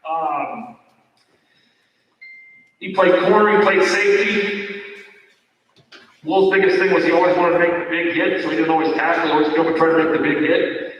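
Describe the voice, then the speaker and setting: Folksy coach in a big echoey hall. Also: male voice, fairly high pitch, steady tone, normal speed, long pauses, a bit bright, far from the mic, lo-fi sound. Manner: folksy, rambling, with many fillers and restarts. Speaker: football coach. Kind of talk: end-of-season awards speech. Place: large echoey hall at an awards night. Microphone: far from the microphone.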